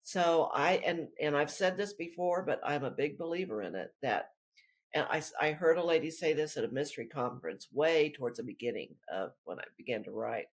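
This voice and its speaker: Husky, lively-voiced woman author chatting. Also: low voice, brisk. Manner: rambling, chatty. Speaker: author guest. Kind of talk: casual interview chat.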